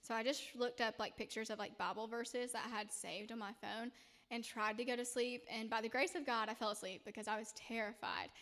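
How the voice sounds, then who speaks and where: A woman with a fairly high voice tells her testimony casually, and her speech is full of "like" fillers. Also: fairly even intonation, a little fast, fairly bright tone. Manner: chatty, many "like" fillers.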